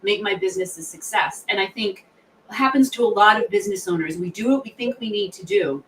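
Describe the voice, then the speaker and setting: A middle-aged woman, a guest on an interview podcast, telling stories in a lively, animated way and acting out what people said. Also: mid-range voice, brisk, recorded from a distance, a little hiss or hum, low-quality recording. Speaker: guest, sales author and founder.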